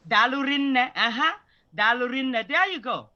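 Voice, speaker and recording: A woman's voice: high-pitched, animated, a little slow, pushed and bright, lo-fi sound. A woman teaching an online Igbo class, patiently explaining grammar and mixing English with Igbo example phrases.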